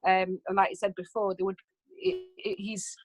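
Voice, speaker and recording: A woman's voice: medium pitch, sing-song, moderate pace, low-quality recording. A woman English teacher discussing a play in an informal revision chat, enthusiastic and rambling. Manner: enthusiastic, rambling, laughs at her own slips.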